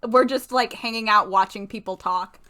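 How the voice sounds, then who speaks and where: A young woman streaming a game, excitable and swearing, laughing and talking back at the characters. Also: fairly high pitch, normal speed. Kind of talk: casual let's-play commentary. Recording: faint game music underneath.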